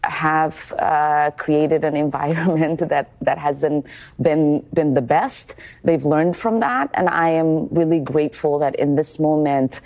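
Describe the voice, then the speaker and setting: Low, mellow-voiced woman politician. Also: steady tone, slow pace. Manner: hesitant, many fillers and restarts. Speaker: congresswoman interviewed on TV. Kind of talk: interview answer.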